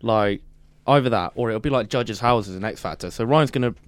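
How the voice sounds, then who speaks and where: Teasing English radio co-host. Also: male voice, on the low side, fairly quick, no room sound. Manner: teasing, laughs often. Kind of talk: casual radio banter.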